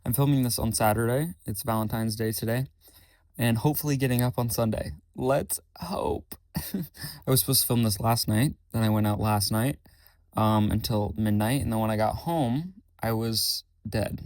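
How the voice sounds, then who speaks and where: Young male podcast host, casual and rambly, flat delivery, dry close-miked sound. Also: fairly low pitch, normal speed, no room sound. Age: young adult. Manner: rambling, self-correcting, says his voice is monotone. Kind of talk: casual solo podcast chat.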